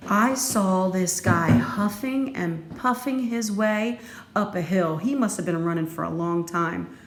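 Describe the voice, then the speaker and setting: A woman teacher giving a recorded phonics lesson, slow and deliberate, playful, with sudden lively jumps in her voice. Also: fairly low pitch. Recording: echoey room with faint background noise.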